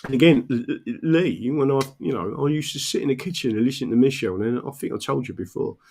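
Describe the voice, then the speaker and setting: A man's voice: medium pitch, fast, gravelly, darkish tone, husky. Give me an older man telling meandering stories in casual chat, peppered with swearing. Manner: rambling, swears, tags lines with "right?".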